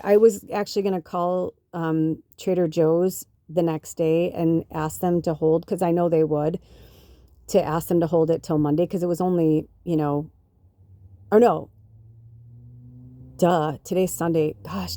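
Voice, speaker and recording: A woman podcast host telling a rambling personal story in a casual, chatty way, full of fillers and excited quoted lines. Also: deep voice, no echo. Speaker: podcast host and spiritual medium.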